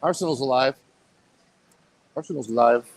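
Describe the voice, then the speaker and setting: A man's voice: mid-range voice, moderate pace, gravelly, poor audio. A man live streaming from an outdoor city street, rambling and repeating himself, mocking and swearing as he talks.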